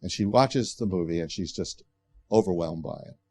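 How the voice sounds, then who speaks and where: An older man speaks at a bookstore book talk with a low voice. He tells his story in a loose, conversational way, doubling back and restarting his sentences and filling gaps with "you know.". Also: normal speed, warm tone, no room sound. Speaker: author giving a book talk. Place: bookstore event space.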